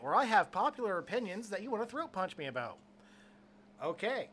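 A man's voice: high-pitched, sing-song, moderate pace, a bit bright. A young man hosting a casual podcast, rambling and cracking crude jokes. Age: young adult. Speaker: podcast host.

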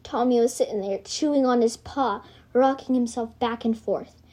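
A woman's voice: on the high side, moderate pace, mellow. A woman reading her homemade storybook aloud, rambling into self-correcting asides.

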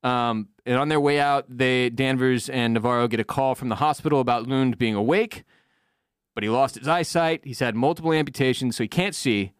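A man's voice: mid-range voice, brisk, clean tone, no echo, clean studio sound. A man co-hosting a podcast, recapping a TV episode in casual chat and acting out lines from it. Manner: animated, acts out quotes in put-on voices. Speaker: podcast co-host.

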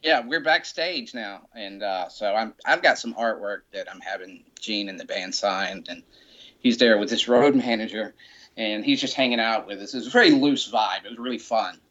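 Male guest, low-pitched, easygoing rambling anecdotes, muffled sound. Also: normal speed, fairly bright tone. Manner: rambling, many "you know" fillers. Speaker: guest, rock memorabilia shop owner. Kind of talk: casual storytelling.

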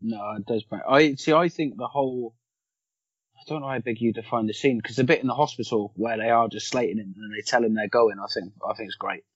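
A man's voice: mid-range voice, a little fast, breathy edge, no echo. A man chatting casually about a film, laughing often and swearing freely. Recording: dull lo-fi sound.

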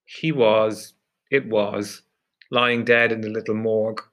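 A man narrating a dark story in a measured, deliberate audiobook reading. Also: on the low side, fairly even intonation.

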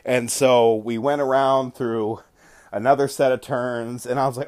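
On his podcast, a man with a medium-pitched, slightly mellow voice walks through a tabletop game session in an unhurried, fairly even delivery. The casual retelling is full of swearing and mid-sentence self-corrections.

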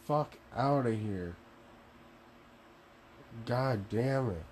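A man's voice: mid-range voice, expressive, very slow, a little mellow, a little hiss or hum. A young man at home giving casual, profane commentary, ranting with laughs and exasperation. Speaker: video commentator. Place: home room.

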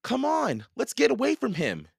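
A man's voice: fairly high pitch, measured pace, bright, forceful tone, clean tone, dry recording, clean studio sound, pitched above the performer's own voice. A man voicing an anxious, determined young boy in a storybook, urging and encouraging. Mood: worried. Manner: urgent, encouraging.

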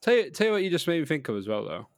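A man's voice: on the high side, big pitch swings, rapid-fire, crowd noise. A young man co-hosting a podcast, rambling casually over an online call with plenty of "like" and easy laughter. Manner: rambling, lots of "like", laughs easily. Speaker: podcast co-host. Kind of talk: casual chat.

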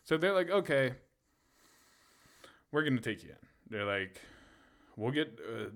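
A man's voice: mid-range voice, very animated, unhurried. A man co-hosting a podcast, telling a story in a casual, profane way and laughing often. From Pennsylvania. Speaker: podcast co-host.

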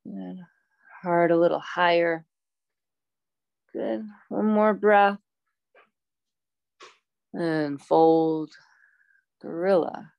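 A woman teaching a yoga class, calmly cueing poses and breaths with chatty asides. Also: on the low side, drawn-out words, creaky, long pauses, clean tone, no echo, highs cut off. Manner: calm, instructive, chatty asides.

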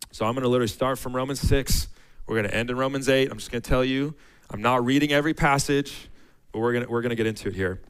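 Over poor audio, a man with a smooth, medium-pitched voice preaches a sermon to his church. He keeps it casual and conversational, frequently restarting phrases and reading scripture aloud with rising emphasis.

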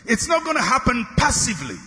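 Male preacher, sermon, high lively voice, call-and-response, emphatic repeated declarations, reverberant hall. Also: fast talker. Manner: repetitive declarations building to shouts.

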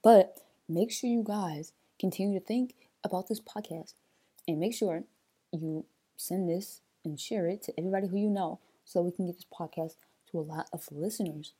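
A young woman chats on her own podcast in a loose, playful way, joking and taking asides. Her voice sits a little low, very dark and mellow, with a husky edge. She sounds sleepy, like it is early in the morning. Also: moderate pace. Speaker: podcast host. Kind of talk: casual solo podcast chat.

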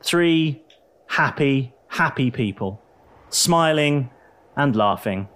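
A man's voice: medium pitch, animated, slow, fairly bright tone. A man acting as game master, telling the story to the players in the second person with a dramatic storyteller's delivery. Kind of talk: dramatic tabletop narration.

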